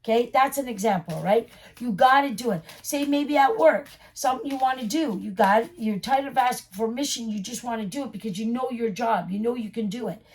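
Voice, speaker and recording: A woman's voice: on the high side, brisk, a little mellow, breathy edge. A woman giving a casual tarot reading straight to the viewer, reassuring and repeating her points. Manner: reassuring, repetitive, addresses viewer directly. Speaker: tarot reader.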